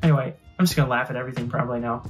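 A woman's voice: rumbling low, very fast, highs cut off, soft background music. A woman hosting a reaction video, casually commenting on funny clips with exclamations and chatty asides.

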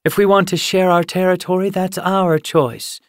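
A man's voice: high voice, steady tone, normal speed, no room sound, clean studio sound, voice pushed up. A man voicing a proud, firm female cat queen in an audiobook, speaking with confident authority. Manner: firm, dismissive.

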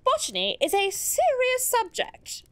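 A woman's voice: very high-pitched, wildly swooping pitch, measured pace, fairly bright tone, dry recording, voice pushed up, heavily acted. A woman voicing a stuffy, dismissive male college official, reading his letter in a poshed-up, haughty tone.

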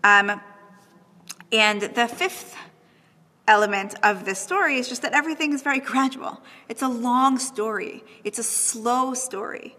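A young adult woman lecturing on texts, thoughtful and animated, often checking in with "right?". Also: a little high, in a large hall.

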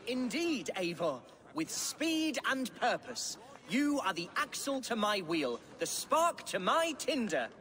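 Game role: a vain, theatrical young lord, high, bright and swooping. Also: male voice, sing-song, takes it slowly, a little hiss or hum, full character voice. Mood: grandiose. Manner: pompous and theatrical. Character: boastful flowery young male lord.

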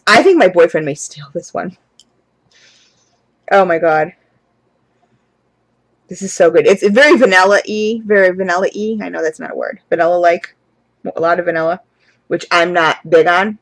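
A woman vlogging an unboxing in a casual, chatty way, gushing with excitement, calling her viewers "guys" and sounding close to tears with gratitude. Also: fairly low pitch, normal speed, dry recording, poor audio. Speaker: candle and wax hobby vlogger.

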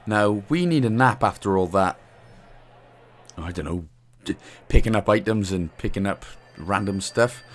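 A man's voice: on the low side, unhurried. A young man with a Welsh accent talks through a game walkthrough in a chatty, cheeky way, joking and laughing as he plays. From Wales. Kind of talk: casual gameplay commentary.

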